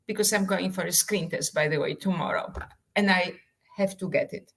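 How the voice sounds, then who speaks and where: A woman's voice: fairly low pitch, moderate pace, poor audio. A woman, an author and actress, telling an anecdote dramatically in a live interview, in slightly non-native English. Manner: dramatic storyteller, emphatic and theatrical.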